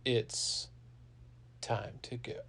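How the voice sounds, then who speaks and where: A man voicing a sneaky, clever female cat in a bedtime story, speaking in a hushed, half-whispered, dry way. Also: drawn-out words.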